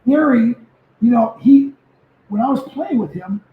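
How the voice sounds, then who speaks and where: A man in his seventies, a former football player, telling stories as a guest in a casual interview, lively and prone to repeating himself. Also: extremely high pitch, unhurried. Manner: animated storyteller who repeats words. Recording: echoey, muffled remote audio.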